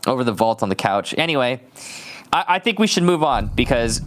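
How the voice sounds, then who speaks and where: A male esports caster gives live commentary in a relaxed, chatty style packed with fillers. His voice is medium-pitched and brisk, and steady background noise runs under the recording.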